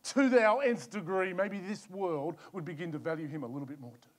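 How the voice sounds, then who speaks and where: A middle-aged Australian man preaching a sermon as a pastor, swinging between loud, urgent bursts and soft, low asides. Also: brisk.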